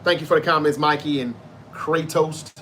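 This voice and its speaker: A man's voice: on the high side, fairly even intonation, normal speed, fairly bright tone, a little hiss or hum. A Southern American man from Memphis hosting a live show, chatting casually, reading viewer comments and answering them with loose, profane talk. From Memphis, Tennessee. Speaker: livestream show host.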